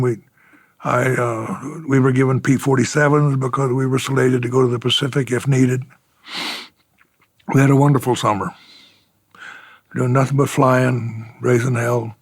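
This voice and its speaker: A man's voice: mid-range voice, flat delivery, a little slow, pauses often, dry recording. An older man, a retired fighter pilot, telling war stories in an oral history interview, chuckling and acting out the exchanges he quotes.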